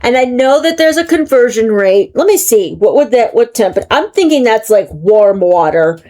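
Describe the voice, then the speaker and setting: A woman's voice: on the high side, lively intonation, normal speed, dark tone. An American woman hosting her own crochet channel, casually chatting through a yarn review and thinking aloud as she goes. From United States. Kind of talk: casual product review chat.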